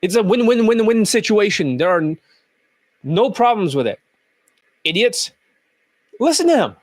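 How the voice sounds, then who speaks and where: Brief: male coach, high-pitched, furious profane rant, dry room. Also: big pitch swings, moderate pace, no room sound. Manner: profane, ranting, combative. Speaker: dating coach. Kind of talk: angry commentary over clips.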